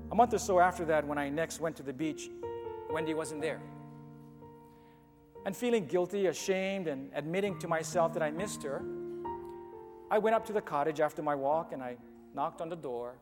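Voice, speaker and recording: A man narrating a dramatic story in the first person, with an expressive, halting delivery. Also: fairly high pitch. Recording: long hall reverb with soft music.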